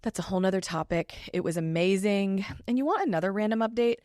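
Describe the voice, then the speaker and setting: A woman, a family law attorney hosting her own podcast in a chatty, animated way. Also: mid-range voice, quick pace, no room sound, studio quality. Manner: chatty and animated, with lively asides. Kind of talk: casual solo podcast talk.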